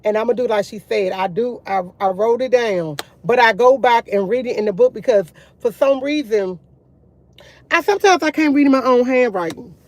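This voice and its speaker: A woman's voice: on the high side, moderate pace, darkish tone. A woman vlogger talking casually to her viewers about faith, rambling with many restarts and addressing them as y'all. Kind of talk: casual faith chat to camera.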